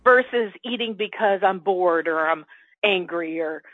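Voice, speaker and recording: A woman telling a personal story in casual spiritual chat, acting out her inner dialogue with animated quoted voices. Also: lowish voice, unhurried, no echo. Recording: dry, tinny phone-like line.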